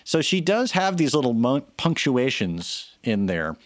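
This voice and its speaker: A man's voice: mid-range voice, sing-song, a little slow, no room sound, clean studio sound. A man cohosting a podcast, chatting casually and giving strong opinions with many restarts, into a microphone. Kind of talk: casual chat. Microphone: studio microphone.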